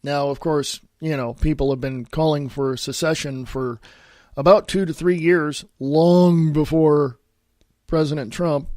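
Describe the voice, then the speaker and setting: This solo political podcast host, his voice a little high and darkish, reads headlines with sarcastic asides and repetition, often coughing and clearing his throat. The sound is clean studio quality with no echo.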